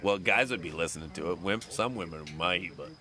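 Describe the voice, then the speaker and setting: A man's voice: low voice, fairly quick, a crowd in the background. A man co-hosting a home podcast, in loose casual chat full of swearing and jokes, recorded on a phone. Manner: swearing, joking, loose banter. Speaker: podcast co-host. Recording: phone on the table.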